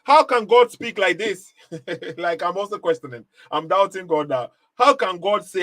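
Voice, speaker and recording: A man with a fairly high voice hosts a live commentary stream, hammering his point through emphatic, repetitive rhetorical questions. He breaks into short laughs between points. The sound is dry and close, with almost no room around it. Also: lively intonation, moderate pace, fairly bright tone, dry recording. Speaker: livestream host.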